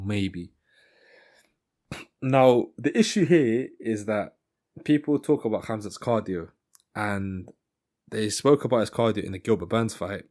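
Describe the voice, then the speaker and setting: A man giving casual fight commentary in a rambling style, often stopping to correct himself. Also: lowish voice. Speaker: MMA commentator.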